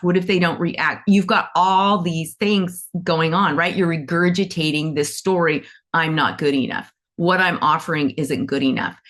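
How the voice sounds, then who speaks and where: A middle-aged woman talks to her students in a loose, chatty way, with a voice that sits a little low. She tells stories from her own life and acts out the voices of the people in them. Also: fairly bright tone. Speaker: animal Reiki teacher. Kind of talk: casual talk to students.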